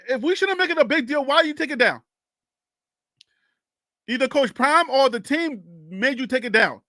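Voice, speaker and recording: With a high, sharp voice captured dry and close, with no room sound, this young Liberian sports talk host talks at normal speed with long pauses. He argues energetically, laughs a lot and invites listeners to debate.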